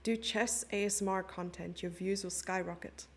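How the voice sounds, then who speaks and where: A woman's voice: mid-range voice, steady tone, normal speed. A young South African woman commentating a chess stream live and chatting with her viewers in a giggly, casual way. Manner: chatty, giggly, reads chat messages aloud.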